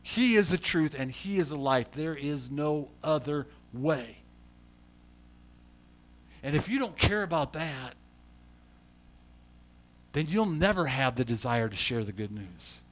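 A man preaching a sermon as a pastor. He swings from quiet storytelling to loud emphasis and often repeats words when he restarts. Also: fairly high pitch, animated, slow, pauses often.

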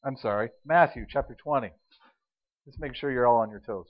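A man preaching an Easter sermon as pastor, animated and storytelling, acting out scenes and quotes. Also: medium pitch, fairly quick, dull audio.

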